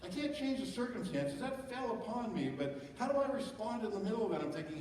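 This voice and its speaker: A man's voice: high-pitched, expressive, a little fast, a little mellow, a little hiss or hum. A middle-aged man pastor preaching a sermon, talking conversationally and asking the congregation rhetorical questions. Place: church sanctuary. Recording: echoey church hall from far off.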